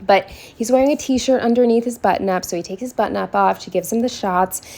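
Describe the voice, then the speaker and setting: A woman vlogging while she plans, telling a story in a chatty way, swearing freely and going off on quick asides. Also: mid-range voice, a little mellow. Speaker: planner vlogger. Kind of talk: casual plan-with-me storytelling.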